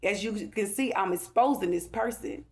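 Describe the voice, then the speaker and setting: This woman rants to camera for her viewers, agitated and swearing as she rambles and repeats herself. She speaks at normal speed in a mid-range voice.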